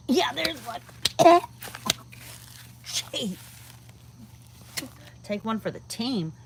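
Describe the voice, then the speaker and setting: A woman's voice: on the high side, expressive, drawn-out words, pauses often, background noise. A woman chatting casually on a livestream outdoors at night, cooing to her chickens and dropping to a whisper at times. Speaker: vlogger feeding backyard chickens on a livestream. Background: crickets and insects at night.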